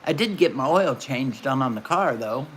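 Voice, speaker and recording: A woman's voice: very deep voice, expressive, moderate pace, slight background noise. A middle-aged woman, chatting casually and telling folksy stories while hosting a livestream. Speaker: livestream host.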